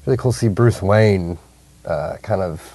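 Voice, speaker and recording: A man co-hosting a casual TV recap podcast, rambling and halting, laughing mid-sentence. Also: low-pitched, mellow, breathy edge, no echo. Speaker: co-host.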